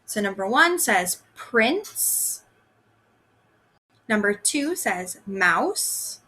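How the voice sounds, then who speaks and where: A woman teaching a recorded first grade phonics lesson, slowly sounding out words for young children. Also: mid-range voice, big pitch swings, pushed and bright.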